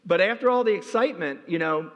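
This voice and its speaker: A man giving a conference talk, telling a story with energy, and his voice jumps high when he gets excited. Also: fast, lo-fi sound. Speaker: keynote speaker. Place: large hall. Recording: reverberant hall.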